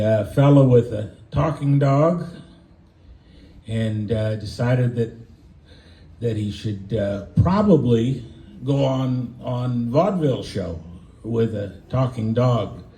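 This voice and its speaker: A man performing on a porch, telling a rambling shaggy dog joke with halting restarts and fillers. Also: medium pitch, warm tone, echoey room, poor audio. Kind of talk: folksy joke telling and singing. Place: porch, outdoors.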